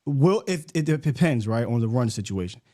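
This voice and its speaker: Lively, fired-up man debating football. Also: mid-range voice, brisk. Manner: animated, gets worked up and loud. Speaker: sports podcast host. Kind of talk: casual sports debate.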